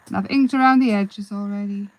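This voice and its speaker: A woman hosting a live craft demonstration, chatting in a relaxed, rambling way and answering viewers' comments as she works. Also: medium pitch, a little fast, no room sound, low-quality recording. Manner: relaxed, self-deprecating. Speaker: craft livestream host.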